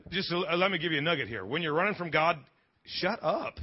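A man preaching a lively sermon in a church, joking with the congregation and restarting his sentences often. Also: fairly high pitch, fairly quick, dull audio. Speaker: pastor. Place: church sanctuary.

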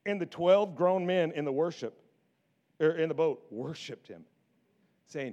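A high-voiced man preaches with playful energy. He drops to hushed, wry asides and then bursts into excited shouts. His delivery is that of a pastor keeping a congregation laughing. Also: a little slow, pauses often, highs cut off. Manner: animated, jokey, swings from hushed to shouting. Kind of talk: sermon.

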